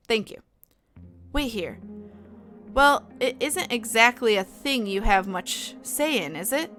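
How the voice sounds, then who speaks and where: A woman's voice: a little high, animated, slow pace, fairly bright tone, no echo. A young woman streamer casually reading horror files aloud, stopping to chat and comment. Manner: chatty, breaks off to comment and laugh.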